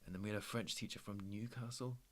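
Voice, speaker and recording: A man's voice: lowish voice, steady tone, fast. A young man chatting casually while trading, laid-back and slangy, swearing freely. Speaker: trader streaming his trading. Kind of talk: casual chat.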